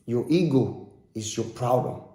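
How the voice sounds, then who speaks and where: A man voicing a blunt, wild-haired monk sage who speaks low and flat, in an echoey room. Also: measured pace, natural voice.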